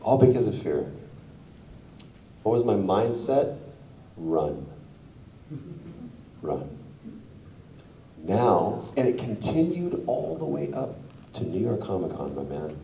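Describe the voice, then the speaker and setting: Middle-aged male panel guest, low voice with lively pitch swings, heard in a reverberant hall at a slight distance. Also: unhurried, gravelly, a little hiss or hum. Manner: animated, acts out other people's lines in raised voices. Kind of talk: storytelling to a live audience. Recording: roomy hall sound, mic at a distance.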